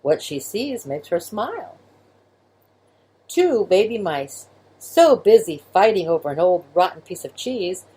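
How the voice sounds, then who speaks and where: Expressive, slightly husky woman storyteller. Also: fairly low pitch, measured pace. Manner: expressive, gentle, with sound effects. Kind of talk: storybook read-aloud for children.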